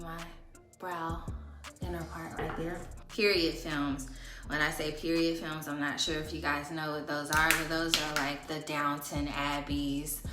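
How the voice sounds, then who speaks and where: A woman in her thirties with a lilt, chatting casually to viewers as she does her makeup. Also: low-pitched. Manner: chatty, talks while doing makeup. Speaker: beauty vlogger. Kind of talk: casual get-ready-with-me chat. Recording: roomy echo with music behind.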